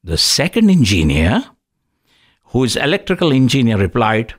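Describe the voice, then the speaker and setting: Animated middle-aged man hosting a talk show. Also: mid-range voice, normal speed. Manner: animated storyteller who acts out quoted voices. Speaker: host of a healthcare talk show. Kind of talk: telling anecdotes and jokes on a talk show.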